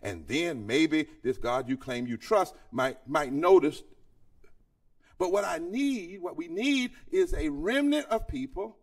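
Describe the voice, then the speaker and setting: A man's voice: fairly high pitch, animated, slow pace. A man preaching a sermon-style address at a conference, calling out to the audience and building to near-singing peaks. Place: large conference hall. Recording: voice picked up from far off the mic.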